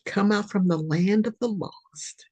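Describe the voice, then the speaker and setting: A woman hosting a spiritual podcast, giving an impassioned reading that pleads and repeats itself, swinging from loud urging to soft near-whispers. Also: mid-range voice, a little slow, slightly rough, lo-fi sound. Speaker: podcast host, spiritual reader.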